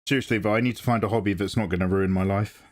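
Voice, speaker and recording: A man's voice: lowish voice, fairly even intonation, racing. A man chatting casually on a live drawing stream, joking and self-mocking. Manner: joking, laughs between lines, self-mocking.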